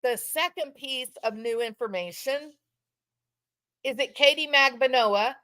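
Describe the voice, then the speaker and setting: A woman's voice: high-pitched, a little slow, sharp tone. A woman giving impassioned true-crime commentary from home, repeating phrases for emphasis and mock-quoting others.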